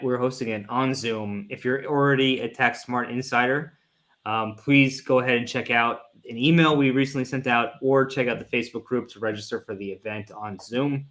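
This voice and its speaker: A man's voice: medium pitch, a bit bright. A man co-hosting a casual livestream, giving plain announcements. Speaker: co-host.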